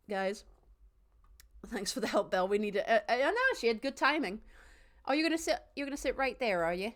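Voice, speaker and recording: A young woman plays through a spooky game on stream, reading the first-person narration with dramatic flair. Between passages she chats animatedly with viewers and her cat, her voice sitting somewhat high. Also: lively intonation, fairly quick, a bit bright. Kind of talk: live let's-play with dramatic reading of game text.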